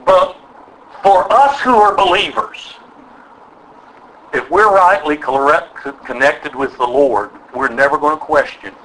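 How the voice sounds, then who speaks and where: Older man preaching in a high bright voice. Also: lively intonation, measured pace, rough recording. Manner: emphatic, call-and-response preaching. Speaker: pastor. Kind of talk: sermon.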